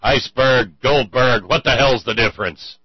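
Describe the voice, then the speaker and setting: A man's voice: medium pitch, moderate pace, husky, dry recording, lo-fi sound, pitched above the performer's own voice, natural voice. A man doing a hollering, outraged old barfly. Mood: scornful. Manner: indignant hollering. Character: angry old man at a bar.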